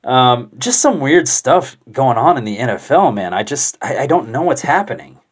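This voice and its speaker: A young man talking casually to the camera, rambling and thinking out loud with loose swearing. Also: medium pitch, big pitch swings, moderate pace, breathy edge. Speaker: vlogger.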